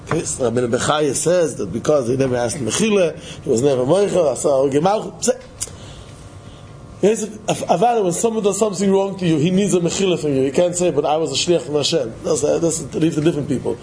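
Male Torah lecturer, lively sing-song preaching, slightly high voice over faint room noise. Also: fast talker, low-quality recording. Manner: animated, repetitive, sing-song emphasis, mixes Hebrew and Yiddish terms. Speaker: Torah teacher. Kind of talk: Yiddish-inflected Torah lecture.

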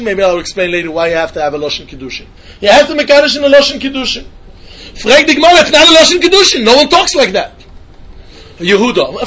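Man, Talmud lesson, very high voice, rapid sing-song delivery. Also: a bit bright. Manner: quick sing-song study chant, mixing English with Hebrew and Yiddish. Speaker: Talmud teacher. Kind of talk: yeshiva-style Talmud lecture.

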